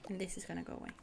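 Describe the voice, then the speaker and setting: Gravelly and mid-range, a young woman's voice carries casual chat as she streams a building game with music in the background. She's bubbly and full of giggles, narrating her own actions out loud.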